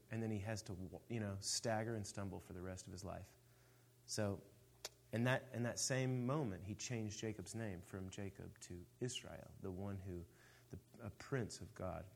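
A man with a somewhat low voice runs a casual panel discussion. He retells a story loosely, full of "you know" and "um." Then he lands plainly on the question he wants answered. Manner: relaxed, chatty retelling with filler words. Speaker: panel moderator.

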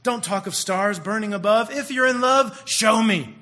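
A man's voice: high voice, normal speed, bright, forceful tone. A man singing the part of an exasperated young woman who is sick of hearing words and wants proof of love. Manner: sung, exasperated.

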